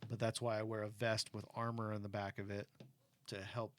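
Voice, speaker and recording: A middle-aged man chatting casually with his kid, telling stories in an animated way and turning earnest and cautionary on safety. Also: lowish voice, brisk. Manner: animated storyteller who acts out quotes; earnest and cautionary when talking about safety. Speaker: parent talking with his kid. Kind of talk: casual chat.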